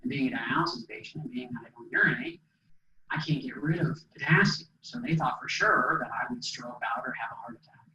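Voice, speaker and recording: A man's voice: mid-range voice, expressive, fairly quick, bright, forceful tone. A middle-aged man speaking to an audience as a motivational speaker, telling a personal story in a conversational way, with fillers and acted-out quotes. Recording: dull echoey hall sound from a distance.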